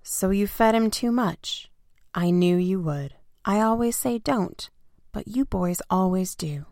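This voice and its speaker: A woman voicing Mister Carp, a knowing older shopkeeper who gently scolds, in a storybook reading. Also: medium pitch, a little slow, vocal fry, no room sound, studio quality. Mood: scolding. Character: older man, a knowing pet-shop keeper.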